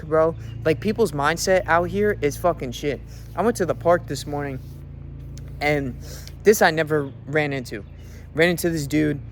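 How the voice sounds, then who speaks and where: A man's voice: fairly high pitch, fairly bright tone, slight background noise. A young man, a fitness coach, giving a brash, profane motivational rant from his car.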